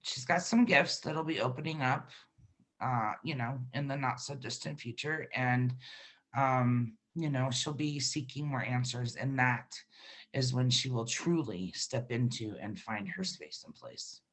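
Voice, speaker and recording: A woman's voice: extremely low pitch, unhurried. A middle-aged woman giving an intuitive reading in a casual, reassuring way, with frequent laughs and fillers. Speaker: intuitive card reader. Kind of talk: spiritual reading, casual chat.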